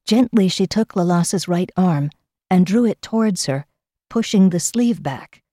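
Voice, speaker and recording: A woman with a fairly low voice reads a novel aloud. Her delivery is measured and steady. The recording is dry, with no room sound. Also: no echo. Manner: measured storybook reading. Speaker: audiobook narrator. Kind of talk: scripted narration.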